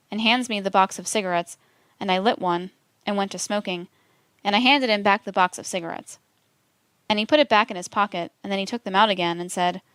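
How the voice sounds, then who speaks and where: A woman reading a transcript aloud for a documentary in a measured, steady delivery. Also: mid-range voice, smooth, no room sound. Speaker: documentary reader.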